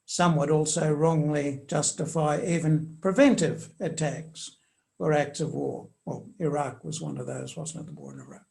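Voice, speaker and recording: An older man answering interview questions in a measured, hesitant way with many fillers, reading quoted passages aloud with emphasis. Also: on the high side, fairly even intonation, vocal fry, darkish tone. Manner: reads quotations aloud with emphasis. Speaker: commentator on church social teaching.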